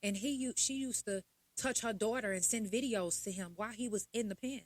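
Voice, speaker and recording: A young adult woman, hosting a podcast in a blunt, profane, animated casual monologue. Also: medium pitch, a little fast, dry recording. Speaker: podcast host.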